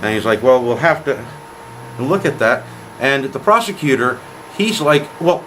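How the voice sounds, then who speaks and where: A man casually telling a story to camera, quoting others in lively back-and-forth dialogue. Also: a little high, a little fast, a little hiss or hum, rough recording. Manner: animated retelling, quotes others in dialogue. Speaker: vlogger.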